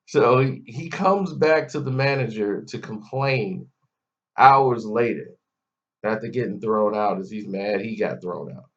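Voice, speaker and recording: A man with a lowish voice delivers a ranting commentary at a slow pace with long pauses, mocking and scolding the person he's criticizing to their face. He's a commentary vlogger, captured on dull lo-fi audio.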